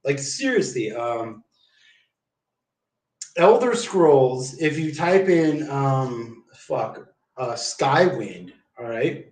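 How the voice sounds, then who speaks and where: A man's voice: medium pitch, sing-song, very slow, a little mellow. Profane man rambling in a roomy room. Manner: profane, slangy, keeps saying "dude". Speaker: live streamer. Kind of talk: rambling casual storytelling. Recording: roomy, distant mic.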